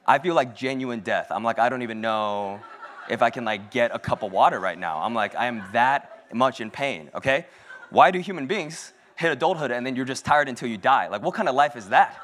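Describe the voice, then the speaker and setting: A young man gives a sermon that feels like casual chat, full of self-deprecating jokes. His voice sits at an ordinary middle pitch, and he talks loosely with plenty of filler words. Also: a bit bright. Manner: self-deprecating, joking, conversational with many "like"s. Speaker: speaker at a church service.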